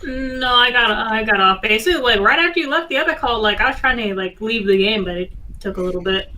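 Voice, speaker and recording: A woman's voice: on the high side, expressive, fast talker, sharp tone, a little hiss or hum, poor audio. A woman chatting casually on a livestream, teasing the hosts in a dry way.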